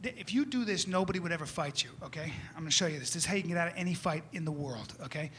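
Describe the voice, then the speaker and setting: Male stand-up comic, high-pitched, rambling asides, noisy live room. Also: expressive, racing, fairly bright tone. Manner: loose, rambling with frequent "okay?" and "you know". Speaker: comedian. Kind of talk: stand-up comedy.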